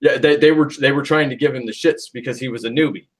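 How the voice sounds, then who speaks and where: A man's voice: medium pitch, fairly even intonation, fast talker. A man hosting a casual podcast, telling a rambling story full of "he was like" quotes and crude, profane language. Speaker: podcast host.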